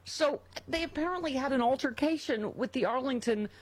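A woman's voice: high-pitched, a little fast, slight background noise. A middle-aged woman hosting a talk radio show, telling a personal story in a casual, emotional way and reading ads.

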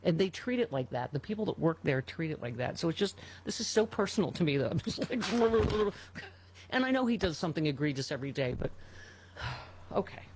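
A woman's voice: deep voice, big pitch swings, fast talker, hardly any pauses, a little mellow, slight background noise. A middle-aged woman hosting a talk radio show, telling a personal story in a casual, emotional way and reading ads.

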